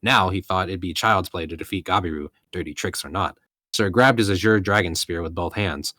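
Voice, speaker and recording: Man, very low voice, from Colorado, steady novel narration, dry close sound. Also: brisk, dry recording. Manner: steady narration, occasional self-corrections. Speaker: reader of a light novel. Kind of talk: reading a novel aloud.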